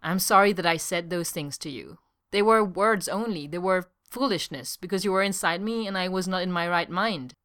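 Woman doing a proud hot-tempered young man, low and intense, deep-pitched voice, intimate delivery. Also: moderate pace, fairly bright tone, natural voice. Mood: heated.

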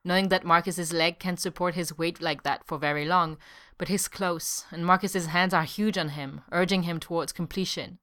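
Woman, story narrator, very deep pitch for a woman, soft, even, unhurried reading.

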